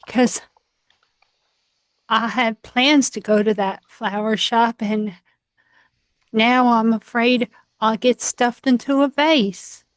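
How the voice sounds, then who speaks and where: A woman's voice: a little high, steady tone, takes it slowly, pauses often, no room sound. A woman playing an improv comedy game over a video call, joking in a dry, matter-of-fact way. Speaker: improv player.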